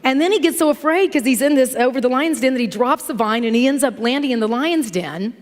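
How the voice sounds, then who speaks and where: A middle-aged woman minister giving a sermon in a church, telling stories in an animated, conversational way. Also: high voice, fast. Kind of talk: sermon with storytelling. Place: church sanctuary. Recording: long hall reverb from church.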